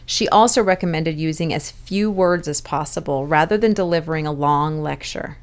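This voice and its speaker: A woman's voice: sits low, normal speed. A middle-aged woman hosting an education podcast, giving candid advice in a conversational way with little laughs.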